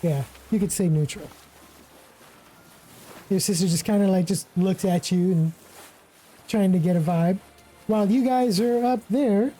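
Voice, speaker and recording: Gm lady with a really dark mellow voice, laid back, lots of "kinda" and "like". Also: medium pitch, low-quality recording. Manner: relaxed, with many fillers like "kinda" and "like". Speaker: game master. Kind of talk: narrating a tabletop game.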